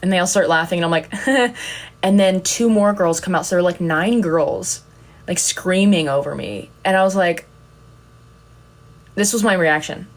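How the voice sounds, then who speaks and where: A young woman, a content creator, chats casually on a livestream, telling rambling, giggly stories that poke fun at herself. Her voice is lowish, her speed normal, and she pauses often.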